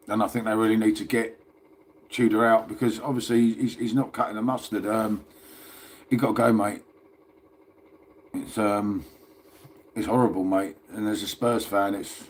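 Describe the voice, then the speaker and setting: A man's voice: on the low side, a little mellow. A man hosting a casual livestream from his phone, chatting and rambling and calling his viewers "mate". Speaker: livestream host.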